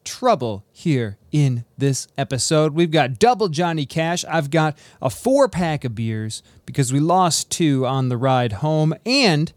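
A man's voice: on the high side, animated, no echo. A male radio host with a breezy, upbeat patter, introducing songs and listing what is coming up on the show. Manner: breezy, quick patter, casual fillers.

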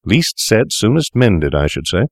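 A man's voice: lowish voice, big pitch swings, unhurried, no echo, studio quality, voice pushed up, exaggerated voice. A man voicing an unscrupulous young male doctor who speaks in a cool, dismissive way in a storybook reading.

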